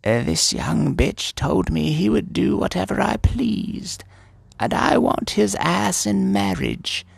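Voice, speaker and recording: A man putting on a high, sassy voice for a brassy, demanding old hag in a crude comic retelling. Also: expressive, slow pace, creaky, breathy edge, no room sound, full character voice.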